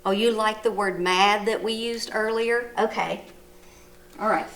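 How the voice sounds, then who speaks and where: A woman teaching a recorded lesson to young children, gently coaxing and asking them questions, reading sentences aloud with exaggerated rises and falls of her voice. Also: mid-range voice, steady tone, distant mic. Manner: slow, exaggerated read-aloud with rising and falling voice.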